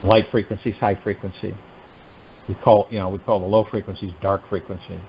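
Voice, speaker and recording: A man hosting a meditation call, giving a spiritual teaching talk in an animated, musing way full of rhetorical questions. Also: on the low side, brisk, dull audio, a little hiss or hum. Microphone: telephone conference line.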